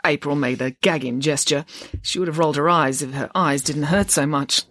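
A woman narrating a children's novel aloud with lively, expressive storytelling. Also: sits low, normal speed, no echo, studio quality. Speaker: audiobook narrator. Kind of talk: audiobook reading of a children's novel.

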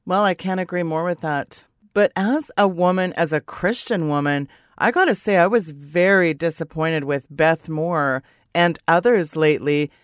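A woman's voice: lowish voice, normal speed, few pauses, dry recording. A woman co-hosting a Christian radio talk show, indignant and blunt, in a dry studio. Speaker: radio co-host.

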